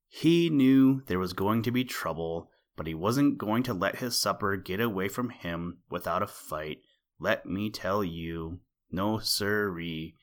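A man reading a children's story aloud as the podcast host, gentle and unhurried, with rhyming asides. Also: low-pitched. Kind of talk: storybook read-aloud narration.

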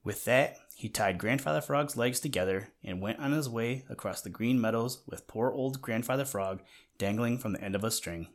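A man reading a children's storybook aloud in a gentle way, talking to the listener now and then. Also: mid-range voice, normal speed. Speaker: narrator.

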